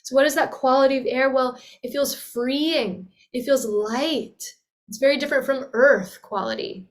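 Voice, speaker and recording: A young woman voice teacher explaining and demonstrating with sung and sighed sounds. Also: on the high side. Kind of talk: teaching talk with vocal demonstrations.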